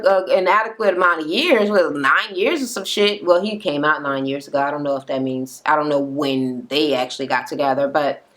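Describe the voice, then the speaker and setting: Blunt, foul-mouthed woman ranting a recap. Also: on the low side. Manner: profane, blunt, animated storyteller. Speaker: reality TV recap vlogger. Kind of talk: casual rant recap. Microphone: camera-mounted recording setup.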